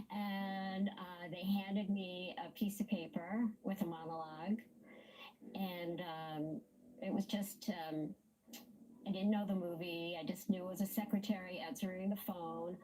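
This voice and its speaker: A woman voice actress recalling her career in a chatty, relaxed interview. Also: lowish voice, takes it slowly, faint music behind, rough recording. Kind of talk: casual interview recollection.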